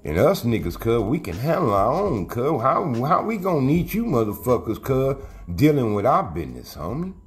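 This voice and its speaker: A man's voice: medium pitch, huge pitch swings, moderate pace. A middle-aged man, telling street stories in casual, profane, slang-heavy talk and acting out the quotes. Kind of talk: casual storytelling.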